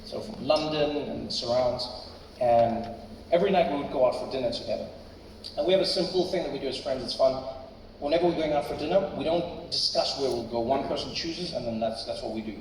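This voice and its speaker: A man from Africa, doing stand-up and telling a story in an animated, chatty way. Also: medium pitch, fairly quick. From South Africa. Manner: animated, chatty, tags lines with "right?". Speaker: stand-up comedian. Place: large theater stage. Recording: echoey hall from far, audience noise.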